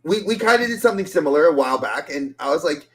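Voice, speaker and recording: A man co-hosting a casual podcast chat, telling stories with jokes and quick repeated restarts. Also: on the high side, lively intonation, a bit bright. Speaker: podcast co-host.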